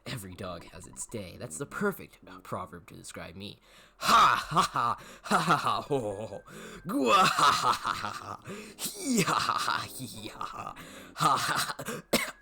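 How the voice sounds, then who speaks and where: A man voicing a boastful, newly rich father who breaks into long, booming laughter, for a game playthrough. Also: brisk, gravelly, hardly any pauses, breathy edge, full character voice. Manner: loud, boisterous laughing.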